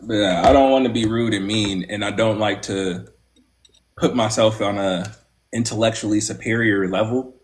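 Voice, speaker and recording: A man with a low voice hosts a casual online panel chat. He talks loosely and swears freely, with bursts of exasperation that jump high in pitch. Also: steady tone, normal speed, a little hiss or hum. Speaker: panel host.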